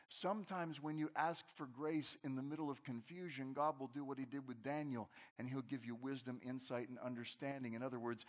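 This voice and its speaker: A pastor preaching a conversational, animated sermon to his congregation in a large church. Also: medium pitch. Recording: long hall reverb.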